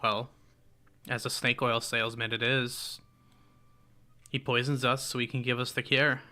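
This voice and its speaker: A careworn village farmer, voiced by a man, speaks in a bright, forceful tone. He talks slowly and pleads with worry, unsure why the burden falls on him. It is a character in a tabletop role-play session. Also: mid-range voice, flat delivery. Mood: despairing. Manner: pleading, worried questioning.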